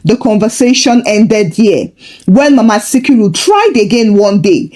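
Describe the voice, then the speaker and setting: A woman storyteller narrating a folktale in a lively, expressive way. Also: fairly high pitch, measured pace.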